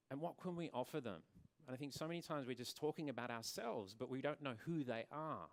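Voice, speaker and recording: A man speaks to a conference audience about the salon he runs. His voice sits at a medium pitch, and he sounds earnest. He often stumbles over words, repeats them, and starts his sentences again. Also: lively intonation, quick pace. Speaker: salon owner and presenter. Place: conference venue.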